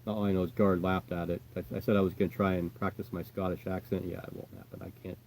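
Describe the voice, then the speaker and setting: American man, low mellow voice, casual rambling livestream host who reassures his chat and lets his sentences trail off. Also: flat delivery, quick pace, a little hiss or hum. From United States. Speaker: tarantula keeper answering live chat.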